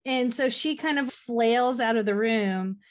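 Animated woman recapping a movie. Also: fairly high pitch, a little slow. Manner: animated retelling with quoted voices, swears freely. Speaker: podcast co-host. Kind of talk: casual recap chat.

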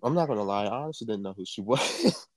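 A man's voice: fairly low pitch, lively intonation, fast talker, noisy background. A man co-hosting a podcast in casual chat, exasperated.

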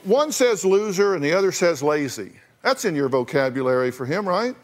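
A man with a slightly high, very animated voice talks at a normal pace. He hosts a talk show and gives guests blunt, confrontational counseling on stage, speaking emphatically, repeating himself, and reaching for folksy phrases.

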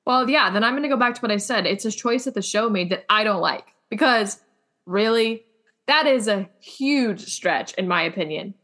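A woman's voice: medium pitch, lively intonation, moderate pace, sharp tone. A woman co-hosting a casual podcast, opinionated and swearing, with lots of "like" fillers. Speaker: podcast co-host. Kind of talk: casual chat.

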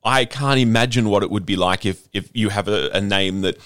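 Low-voiced Australian host. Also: male voice, a little fast, a bit bright, no echo, clean studio sound. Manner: enthusiastic, restarts often. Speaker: podcast host. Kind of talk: interview host. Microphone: video call.

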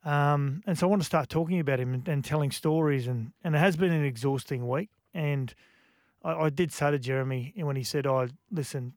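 A man, co-hosting a radio show, speaking in an emotional, reflective way with many halting restarts. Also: fairly high pitch, a little mellow, no room sound, studio quality. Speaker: radio co-host. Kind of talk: casual radio chat.

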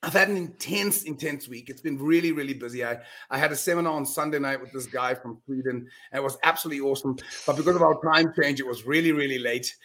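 A middle-aged man speaking as a guest on an interview podcast. He talks in an emphatic, earnest way, with quick restarts and repeated words. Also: medium pitch, pushed and bright. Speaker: guest speaker on mind power. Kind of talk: animated storytelling in a podcast interview.

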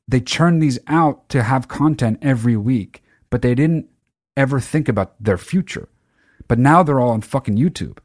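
A man hosting a casual monologue to his viewers, telling a story in a profane, excitable way with sudden loud outbursts. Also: lowish voice, no room sound, studio quality. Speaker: channel host.

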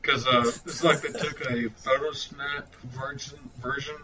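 A man's voice: mid-range voice, little pitch movement, unhurried, background noise. A man hosting a casual podcast chat, rambling with lots of fillers and frequent laughter. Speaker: podcast host.

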